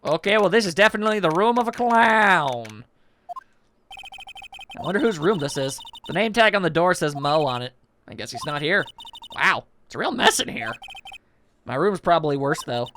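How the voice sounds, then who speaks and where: A man's voice: a little high, lively intonation, normal speed, long pauses, fairly bright tone, a little hiss or hum. A man doing casual game playthrough commentary with rambling, joking asides. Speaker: game streamer voicing a playthrough.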